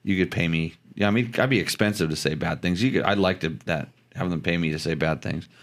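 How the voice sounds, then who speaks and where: A man with a very low voice hosts a relaxed chat show. He rambles and trips over his words, restarting sentences often. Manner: rambling, halting, many restarts. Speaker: podcast host. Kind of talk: casual chat about motorcycles.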